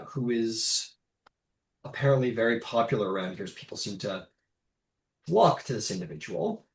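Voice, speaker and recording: A man narrating as game master, casual and halting with many restarts. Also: mid-range voice. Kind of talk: narrating a tabletop game online. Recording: roomy echo.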